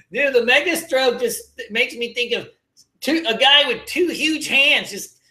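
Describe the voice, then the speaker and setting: A man's voice: extremely high pitch, bright, forceful tone, roomy sound. A man hosting a casual trading livestream, joking, slangy and swearing as he answers viewers. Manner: laid-back, joking, slangy, swears and laughs often.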